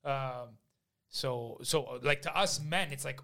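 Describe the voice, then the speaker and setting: A man in casual, animated podcast banter, swearing and arguing his points. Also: a little high, measured pace, creaky. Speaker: podcast co-host.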